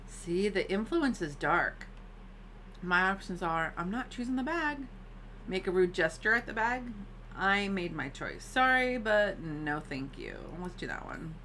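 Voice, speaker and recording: A woman's voice: fairly low pitch, big pitch swings, a little slow, sharp tone, slight background noise, poor audio. Chatty woman streamer thinking aloud. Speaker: game streamer. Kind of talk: casual gameplay commentary.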